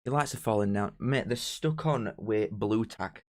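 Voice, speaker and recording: A young man chatting casually on a live stream as host, excitable and bantering straight to his viewers. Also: fairly low pitch, normal speed. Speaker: streamer hosting a live watch-along.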